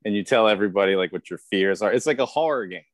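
A man co-hosting a podcast in casual chat, explaining things at length and breaking into excited laughter. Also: quick pace, dry recording. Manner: laughing, bursts into high excited yelps. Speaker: podcast co-host.

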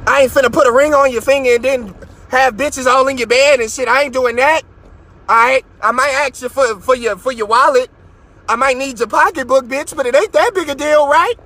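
High-pitched man ranting, bright tone. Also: brisk. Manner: profane, mocking, shifts into shouting. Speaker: podcast host. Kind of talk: ranting live stream. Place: in his car.

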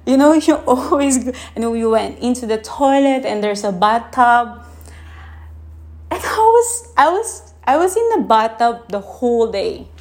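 Slow-talking woman with a higher voice. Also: animated. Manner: slow, soft, emotional, with pauses and laughs. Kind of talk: casual reflective monologue.

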